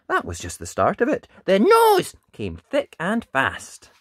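Animated slow-paced male storybook reader. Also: dry recording, studio quality. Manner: lively sing-song storytelling, big swoops in pitch. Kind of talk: read-aloud picture book in rhyme.

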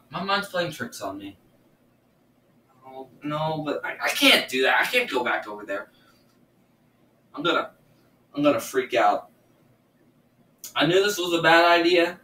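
A man's voice: fairly high pitch, pushed and bright, slight background noise. A man doing casual reaction commentary at home, nervous and stammering, repeating himself. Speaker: gaming YouTuber reacting to videos. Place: room at home. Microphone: laptop or earbuds mic. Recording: roomy, distant from the mic.

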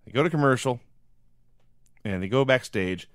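A man's voice: medium pitch, lively intonation, normal speed, no room sound. A man hosting a podcast, recapping old shows in a dry, wry casual manner. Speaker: podcast host.

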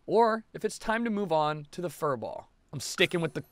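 Excitable young man yelling at a game. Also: on the high side, moderate pace, no room sound. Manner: excitable, swearing, shouts at the game. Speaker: gaming video host. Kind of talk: casual let's-play commentary.

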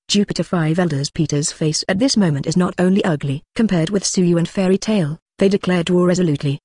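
A synthetic narrator voice reading an audiobook in an even manner, speaking punctuation marks aloud as words. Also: mid-range voice, dry recording, clean studio sound. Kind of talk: machine-read scripted narration.

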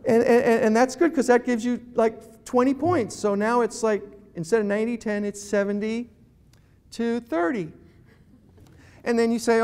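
A man's voice: extremely high pitch, steady tone, moderate pace, a little mellow, clear, resonant tone. A man giving a humorous talk to a live audience as a guest speaker, telling stories and acting out phone calls.

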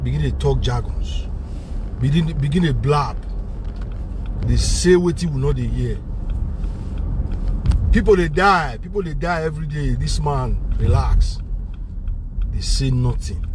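A vlogger with a Nigerian Pidgin English accent delivers a heated, repetitive political rant, moving between Pidgin and English. His voice is medium-pitched and unhurried, with frequent pauses, and there is noise in the background.

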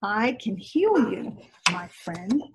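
A woman voicing a gentle, wise man who speaks softly and lovingly, at times near a whisper. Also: mid-range voice, big pitch swings, takes it slowly, background noise. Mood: tender. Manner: soft and hushed, sometimes whispered.

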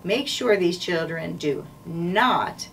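A stern, commanding general gives quiet, firm orders, as a woman reads him from a storybook. The voice is a little distant from the mic, with faint hiss behind it. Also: lowish voice, animated, slow, creaky, heavily acted.

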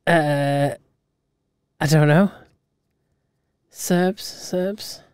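Podcast cohost, giggly, reads stuff out, smooth clear voice, dry sound. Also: mid-range voice, darkish tone, dry recording. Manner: giggly, reads items out, quick laughing asides. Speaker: podcast co-host. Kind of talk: casual chat.

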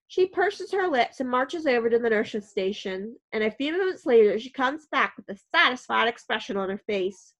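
A woman narrating a storybook in the first person, her delivery wry and dry. Her voice sits fairly high. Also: animated, normal speed, few pauses, dull audio. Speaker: audiobook narrator.

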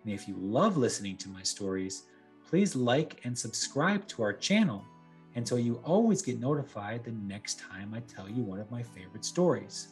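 A man gently reading a bedtime story aloud to children as a storyteller. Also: mid-range voice, lively intonation, moderate pace, faint music behind.

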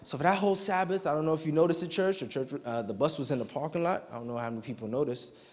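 Young male preacher, lively storyteller, higher-pitched; long church-hall reverb. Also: very fast, slight background noise. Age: young adult. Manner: animated, conversational, acts out dialogue. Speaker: youth day preacher. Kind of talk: storytelling sermon. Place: church sanctuary.

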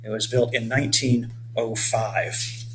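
A man's voice: medium pitch, fairly even intonation, unhurried. A man reading his own storybook to children in a mid-range voice, breaking off now and then to chat with young listeners. A faint hum sits under the recording. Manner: gentle asides speaking to children. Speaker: author reading his book. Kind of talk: children's read-aloud.

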